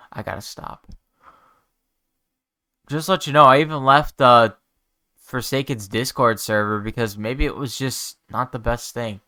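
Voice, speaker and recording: A man talking to his viewers while holding back tears, halting and restarting his words, sighing often. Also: mid-range voice, pushed and bright, smooth. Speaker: YouTuber. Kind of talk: emotional talk to camera.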